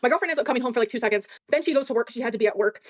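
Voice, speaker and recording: A woman telling a story on a streamed show, rapid, profane and defensive. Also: a little high, no echo. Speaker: guest on a stream. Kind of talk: casual storytelling in a stream clip.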